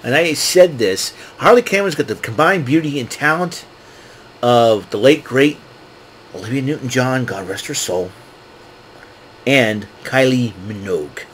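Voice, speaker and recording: A man hosting a casual wrestling recap show, excitable and laughing often as he acts out what wrestlers said. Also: medium pitch, unhurried, a little hiss or hum. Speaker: wrestling podcast host.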